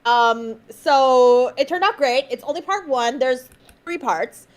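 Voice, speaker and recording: High-voiced giggly woman chatting on stream. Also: takes it slowly. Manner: giggly, laughs between sentences; reassuring, fond teasing. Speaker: stream co-host. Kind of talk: casual livestream chat.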